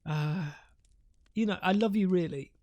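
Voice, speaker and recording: This esports caster speaks in a warm, fairly low voice at a measured pace. Covering a live strategy game, she rambles casually, swears without restraint, and laughs at her own jokes.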